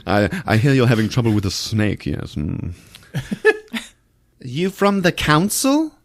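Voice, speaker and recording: A man's voice: mid-range voice, very animated, slow pace, no echo. Man impersonating a stammering posh young lord. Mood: awkward. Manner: hesitant, stammering, polite.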